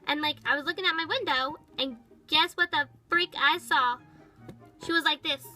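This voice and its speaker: A woman voicing a bratty, high-pitched girl pet. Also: normal speed, pushed and bright, faint music behind, low-quality recording. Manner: valley-girl chatter, full of "like". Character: bratty, dramatic young female toy pet. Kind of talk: toy-figure storytime narration.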